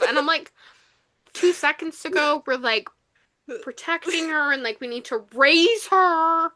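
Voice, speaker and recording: A young woman co-hosting a podcast, retelling a book's plot in an animated, casual way with lots of fillers. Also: high voice, measured pace, no echo. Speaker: podcast co-host. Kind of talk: casual book review chat.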